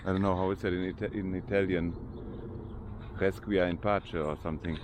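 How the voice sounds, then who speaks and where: A man's voice: sits low, steady tone, fairly quick, darkish tone, slight background noise. An older man with a German accent, chatting casually in unpolished English while walking through a large cemetery for his vlog. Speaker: vlogger.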